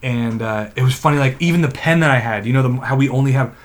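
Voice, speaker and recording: A man's voice: medium pitch, fast talker, a little hiss or hum. Profane, laughing man telling a story. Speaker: podcast co-host. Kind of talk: casual storytelling chat.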